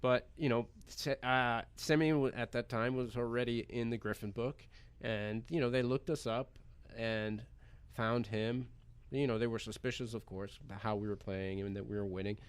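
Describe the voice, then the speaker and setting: An American man, a poker pro guest on a radio show, telling a story in an animated, chatty way and laughing as he goes. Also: medium pitch, normal speed, hardly any pauses, smooth. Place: radio studio.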